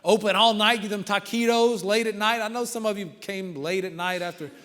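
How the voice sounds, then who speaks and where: A man giving a humorous, animated motivational talk, telling a story and often checking in with the audience. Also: sits high, a little fast. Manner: animated, keeps asking the crowd "right?". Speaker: motivational speaker. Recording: long reverb of a large hall.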